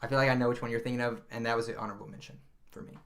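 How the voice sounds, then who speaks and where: A man's voice: mid-range voice, racing. Chatty male podcast co-host. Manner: rambling, animated retelling with frequent laughs and fillers. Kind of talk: casual chat.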